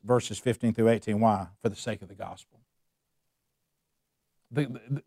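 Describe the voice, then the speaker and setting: A man's voice: a little high, darkish tone, no echo, clean studio sound. A man teaching a Bible study, emphatic and repeating his points with rhetorical questions. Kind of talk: preaching a Bible study lesson.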